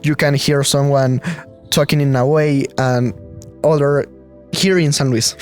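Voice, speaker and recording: A young man from Mexico with a Mexican accent, chatting on a podcast in English, often pausing to search for words. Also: medium pitch, steady tone, a little mellow, soft background music. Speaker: podcast co-host. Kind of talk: casual podcast chat.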